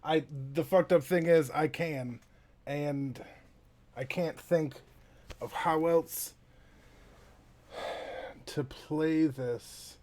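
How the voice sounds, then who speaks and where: A man's voice: fairly high pitch, drawn-out words, long pauses, a little mellow. A man playing a tabletop game who talks casually, rambling, swearing and laughing between restarts. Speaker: player.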